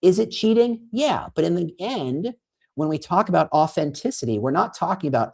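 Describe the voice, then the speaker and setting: A man guest on a podcast, explaining in an animated conversational way and acting out quoted prompts and reactions. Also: a little high, a little fast, vocal fry. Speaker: guest, recruiting consultant.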